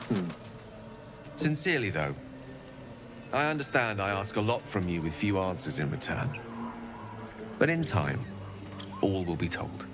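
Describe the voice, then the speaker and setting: A man's voice: sits low, big pitch swings, a little slow, long pauses, music in the background. An actor playing a refined male wizard in a video game, speaking in a courtly, articulate, wry way.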